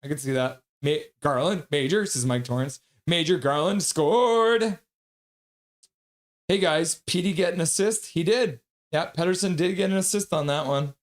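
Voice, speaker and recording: Male streamer, fairly high voice, live hockey play-by-play with chat reading. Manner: rapid play-by-play, bursts into loud excited voices when reading chat.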